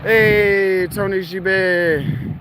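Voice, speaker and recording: This man, a storyteller vlogging on town streets, chats as he walks, a bit breathless, blunt and foul-mouthed, with meandering side comments. He has a high, steady voice and draws out his words, with outdoor traffic audible throughout.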